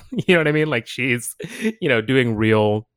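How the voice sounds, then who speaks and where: Animated laughing man, dry mic. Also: medium pitch, unhurried, dry recording. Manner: animated, laughing storyteller who acts out quotes; swears freely. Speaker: podcast co-host. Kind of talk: casual movie chat.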